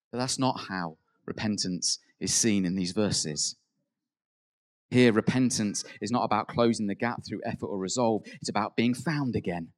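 Preaching with earnest conviction, this mid-range-voiced man climbs to emphatic highs before falling soft again. He also performs the prayers he quotes as if speaking them himself.

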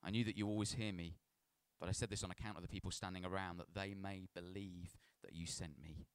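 Low, smooth-voiced pastor preaching. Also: male voice, steady tone, a little fast, dry recording. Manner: conversational, self-deprecating storytelling with stumbles. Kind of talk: scripture reading and sermon.

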